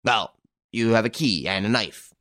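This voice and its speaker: A man's voice: fairly low pitch, animated, moderate pace, fairly bright tone, no echo, clean studio sound, pitched above the performer's own voice. A man reading an audiobook, voicing a frightened, cornered servant who stammers fearfully as he defends himself. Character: frightened, cornered young male servant accused of murder.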